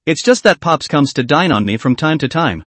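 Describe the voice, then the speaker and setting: A man's voice: on the high side, animated, brisk, fairly bright tone, dry recording. A man voicing a laid-back young man who cooks for his family in an audiobook. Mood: wry.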